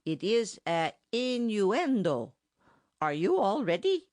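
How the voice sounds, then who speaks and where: A woman's voice: medium pitch, very animated, slow, darkish tone, no room sound, voice pushed up. A woman voicing a bossy, pompous middle-aged German bandmaster who speaks mangled English with a thick German accent, in a dry audiobook recording. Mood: blustering. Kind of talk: audiobook character voice.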